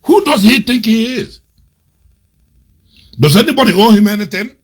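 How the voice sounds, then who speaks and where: Man, angry commentary, mocking, husky, fairly high voice. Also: lively intonation, moderate pace. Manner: scornful, indignant, repeats insults, swings between loud outbursts and low mutters. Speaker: commentator on a web radio show. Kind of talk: angry political commentary, reading out and mocking quotes.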